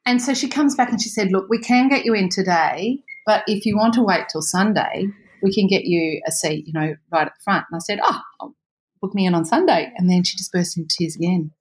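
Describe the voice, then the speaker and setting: A woman telling a story in a casual chat, animated, laughing often and acting out the voices of the people in it. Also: medium pitch, brisk.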